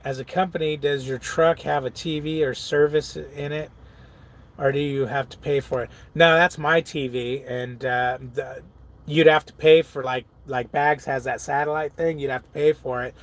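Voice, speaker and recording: A man's voice: on the high side, fairly even intonation, normal speed. A middle-aged man, a truck driver, chatting casually on a live stream, reading viewer comments aloud, laughing often and riffing on them.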